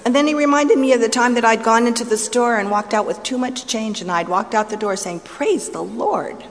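A middle-aged woman giving a sermon-style personal testimony, storytelling with swings from playful to hushed and intense. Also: a little high, brisk, a little hiss or hum. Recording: long hall reverb, faint ambience.

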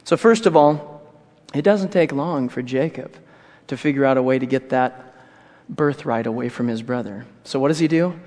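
A man's voice: medium pitch, normal speed, darkish tone. A man preaching a sermon, retelling a scripture story vividly with asides. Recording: echoey hall with long reverb.

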